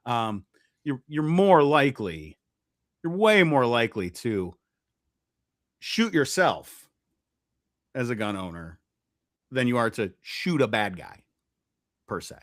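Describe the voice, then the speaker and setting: A man co-hosting a casual podcast chat, animated and repeating himself as he talks, on a close mic. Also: medium pitch, slow pace, long pauses, no echo. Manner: animated, repeats words, trails off. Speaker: podcast co-host.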